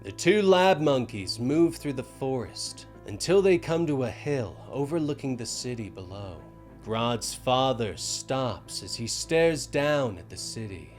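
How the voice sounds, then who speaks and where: Casting a male narrator, unhurried and animated, dramatic comic retelling. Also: mid-range voice, faint music behind. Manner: dramatic, lively storytelling. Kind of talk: scripted story narration.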